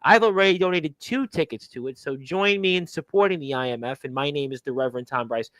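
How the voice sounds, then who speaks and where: A man's voice: a little high, animated, quick pace, fairly bright tone, no room sound, rough recording. A man hosting a wrestling talk show, rambling in a folksy way and often repeating his words. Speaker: radio show host.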